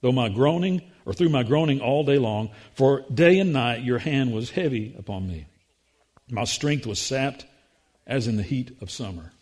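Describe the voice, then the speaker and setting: A man's voice: medium pitch, animated, moderate pace, darkish tone. A man preaching a sermon as pastor, earnest, with frequent restarts and rhetorical questions.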